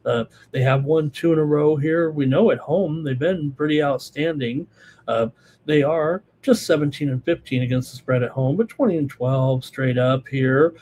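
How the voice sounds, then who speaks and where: A male sports betting show host giving live analysis, talking fast with many fillers and reading out viewer comments. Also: on the high side, a little mellow.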